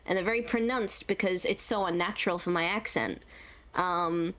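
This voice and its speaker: A woman's voice: on the low side, moderate pace, a bit bright. A woman with an Australian accent, a voice actor answering convention panel questions in a bubbly way, laughing and repeating herself for emphasis. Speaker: voice actor guest.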